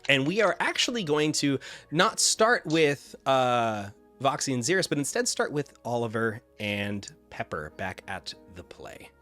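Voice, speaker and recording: A man's voice: medium pitch, sing-song, measured pace, sharp tone, faint music behind. A man narrating a tabletop game as game master in a casual manner, with many fillers.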